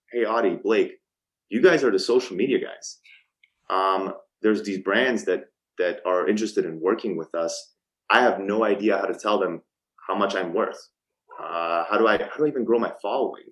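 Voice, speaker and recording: Deep-voiced guy in his 30s on a podcast, chatty storyteller, acts out phone calls, lots of ums. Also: low-quality recording. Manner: frequent ums and restarts. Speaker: podcast guest, startup co-founder. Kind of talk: casual storytelling interview.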